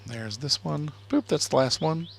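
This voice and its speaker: A man's voice: on the high side, moderate pace, creaky, no room sound. A middle-aged man and father casually commenting on a car-building video game, thinking aloud and chuckling. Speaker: let's play host, father.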